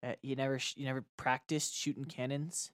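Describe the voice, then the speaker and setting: A man's voice: medium pitch, flat delivery, a little fast, fairly bright tone, dry recording, clean studio sound. A man playing a tabletop game, joking and teasing in casual chat. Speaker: player.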